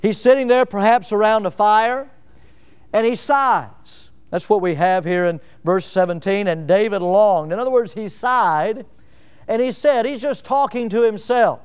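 A pastor from Northwest Florida preaches in a high, ringing voice that sounds smooth and resonant, moving at a measured pace. He keeps pressing his congregation with rhetorical questions, hitting key words hard as the sermon builds.

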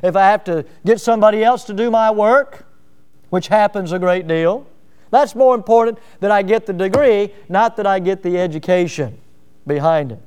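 A man's voice: high voice, moderate pace, darkish tone, clean tone. A man preaching a sermon, reading from a book and stopping to ask the listeners if they follow. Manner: reads a passage then breaks off with asides and checks.

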